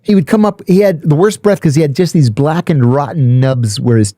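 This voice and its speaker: A man's voice: on the high side, fairly quick, no room sound, studio quality. A middle-aged man casually telling stories on a podcast, acting out the people he quotes. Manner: animated storyteller, acts out quoted voices. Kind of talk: casual storytelling chat.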